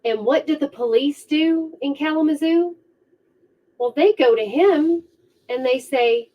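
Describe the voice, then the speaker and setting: A woman vlogger telling a true crime story casually, with an animated, sarcastic manner, on a dull lo-fi recording. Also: high voice, a little slow. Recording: dull lo-fi sound.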